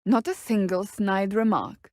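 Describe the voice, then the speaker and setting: A woman's voice: mid-range voice, a little slow, dry recording, clean studio sound, natural voice. An actress playing a stern, blunt female warrior in curt, formal video game companion dialogue.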